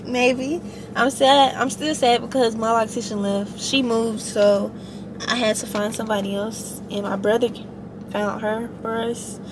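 Chatty young woman vlogging, fairly high voice. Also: fairly even intonation, a little slow, background noise. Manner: chatty, slangy, candid. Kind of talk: casual confiding vlog chat.

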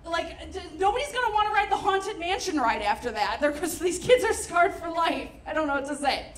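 A young woman performing a stand-up comedy set, telling stories with animated, sarcastic asides. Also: high-pitched.

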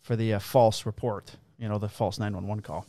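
Profane cop telling stories, dry sound. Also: male voice, lowish voice, brisk, no echo. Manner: profane, animated storyteller who acts out quotes. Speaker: police officer and podcast co-host. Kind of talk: casual chat, storytelling.

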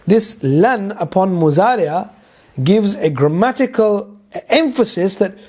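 A man with a high, husky voice teaches a Quran lesson. He talks in an animated way, stumbles over fillers and recites verses quickly. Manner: animated, mixes English with Urdu and Arabic recitation, many fillers. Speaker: Islamic teacher.

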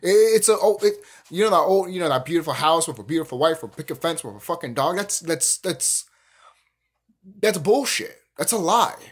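A man's voice: on the high side, animated, fairly quick, husky. A young man hosting his own channel, ranting emphatically and profanely in a casual spiritual monologue, often restarting his sentences. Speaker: YouTube channel host.

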